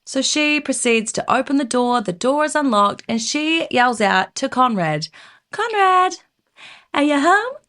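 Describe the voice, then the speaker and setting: A woman co-hosting a podcast, telling a true-crime story in a casual, animated way and acting out the quotes. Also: fairly high pitch, normal speed, hardly any pauses. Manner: animated, laughs often, acts out quoted voices.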